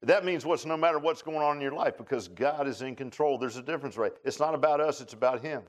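Preacher guy in church, folksy and animated, jokes around with the folks in the pews, mid voice. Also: mid-range voice, fast talker. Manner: folksy, animated, laughing, talks to congregation by name. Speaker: pastor. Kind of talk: sermon. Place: church sanctuary.

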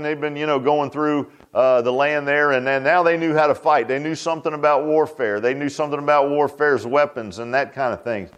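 A male pastor preaching a sermon in a folksy, conversational way, asking rhetorical questions and laughing at his own jokes. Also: on the high side.

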